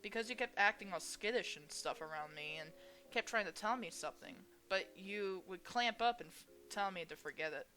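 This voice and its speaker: A woman voicing an anxious young female monster who speaks softly and puts herself down, reading a visual novel aloud. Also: mid-range voice, fairly quick, close to an everyday voice. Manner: soft, self-deprecating.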